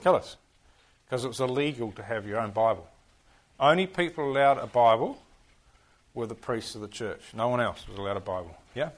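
A man's voice: medium pitch, a little fast. New Zealand man quizzing a class. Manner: animated, keeps firing questions at the class. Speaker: teacher. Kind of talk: interactive history class on church history.

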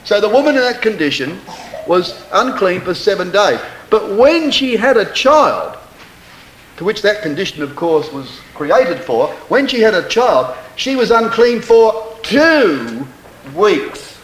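A man preaching a sermon, stressing words slowly and reading scripture in a stately cadence. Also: high-pitched, big pitch swings, roomy sound, a little hiss or hum, rough recording. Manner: emphatic, slow deliberate stresses on words.

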